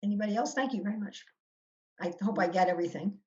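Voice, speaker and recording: A woman's voice: medium pitch, quick pace, darkish tone. Woman, spiritual teacher leading a discussion; reflective, restarts phrases; slightly muffled video call sound. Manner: thoughtful, repeats and restarts phrases.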